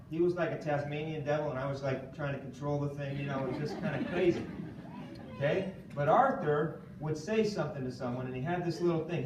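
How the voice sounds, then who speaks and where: A man with a somewhat high voice leads an animated training talk, firing questions at his audience and checking in with "okay?". He sounds far from the microphone, with roomy echo and clear background noise. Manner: animated, quizzes the audience, keeps asking "okay?". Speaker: seminar speaker. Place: room with a live audience. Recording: echoey room from far off.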